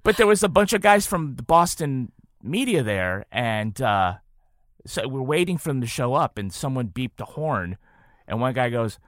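A man's voice: medium pitch, normal speed, no room sound, clean studio sound. A man from western Massachusetts, a podcast guest telling stories in casual conversation. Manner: storytelling, animated when quoting people. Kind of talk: casual chat.

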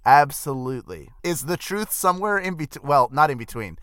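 A man's voice: on the high side, lively intonation, fairly quick, a bit bright, no room sound, studio quality. A man co-hosting a podcast, thinking aloud in a hedging, musing casual chat. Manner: musing, hedging, talks through ideas aloud. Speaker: podcast co-host.

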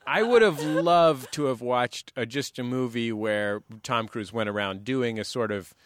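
A man hosting a comedy panel quiz show as a brisk, joking quizmaster. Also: medium pitch, no echo, studio quality. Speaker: game show host.

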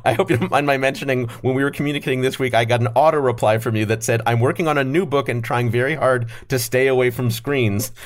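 A man's voice: mid-range voice, steady tone, fast, few pauses. A man with a mid-range voice hosts a quiz podcast. He reads questions in an upbeat, scripted way and chats with guests between rounds. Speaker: quiz show host. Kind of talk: hosting a comedy quiz podcast.

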